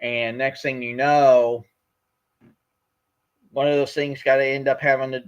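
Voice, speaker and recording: A man in his fifties hosts an online livestream, rambling through his life story with lots of "uh" and restarts. His voice sits at a middle pitch and comes through a dull, lo-fi connection. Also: flat delivery, measured pace, smooth. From Florida. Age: 50s. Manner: rambling, with many fillers and restarts. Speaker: host. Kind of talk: livestream chat.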